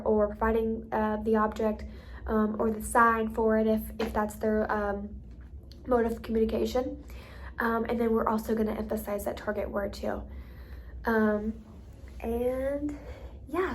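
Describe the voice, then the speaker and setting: Chatty woman explaining a teaching method. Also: a little high. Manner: chatty, many fillers like um and you know. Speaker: hearing therapy educator. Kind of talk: instructional explanation with modeled examples.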